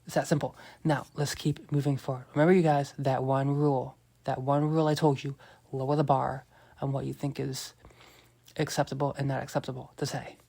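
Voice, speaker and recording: A man's voice: mid-range voice, level tone, brisk, vocal fry, dark tone. A man hosting a dating-advice podcast, talking emphatically and cockily, swearing and repeating his points to listeners he keeps calling "you guys.". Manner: profane and cocky. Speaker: dating coach podcast host. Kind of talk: coaching podcast monologue.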